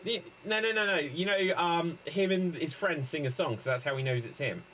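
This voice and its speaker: A man hosting an improv comedy show, breezy and jokey with quick asides. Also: on the high side, sharp tone, rough recording.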